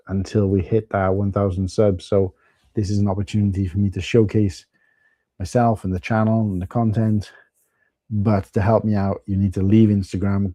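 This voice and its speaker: Welsh man, deep voice, very warm and mellow tone, casual live-stream chat, dry close sound. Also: dry recording. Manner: chatty, addresses viewers as mate.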